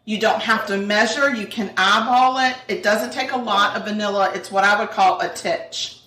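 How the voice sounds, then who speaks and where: Bright chatty woman hosting a cooking show. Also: mid-range voice, normal speed. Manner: chatty, laughs often. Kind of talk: casual chat while cooking. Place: kitchen. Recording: echoey room, mic at a distance, faint noise.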